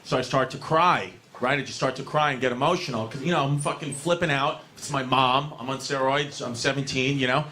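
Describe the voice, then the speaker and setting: A man's voice: medium pitch, steady tone, a little fast, hardly any pauses, bright, forceful tone, slight background noise. A man, telling a rambling, profane stand-up story to a club audience. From New York City. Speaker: stand-up comedian.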